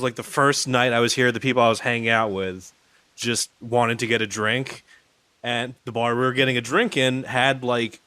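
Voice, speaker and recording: A man's voice: medium pitch, bright, forceful tone, clear, resonant tone, no echo. Rambling man on a dry mic. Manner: rambling, heavy on "like" and swearing. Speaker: podcast co-host. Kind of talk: casual chat. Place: on the road, remote call.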